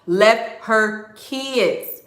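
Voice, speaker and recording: A woman's voice: fairly high pitch, drawn-out words, fairly bright tone, reverberant. A woman vlogger telling gossip to her viewers in a casual, chatty way, often calling them "girl".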